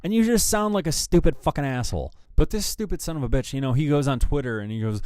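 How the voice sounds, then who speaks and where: Male rock news host, angry, heavy profanity, slightly high voice, dry close sound. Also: lively intonation, fast, a little mellow, no echo. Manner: angry, swears heavily. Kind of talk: profane opinion rant.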